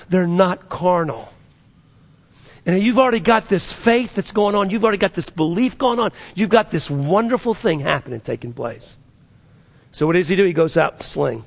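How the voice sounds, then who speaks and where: A man's voice: high voice, moderate pace, vocal fry, pauses often. A man pastor preaching a sermon to his church, with dramatic swings and voices for the people he quotes.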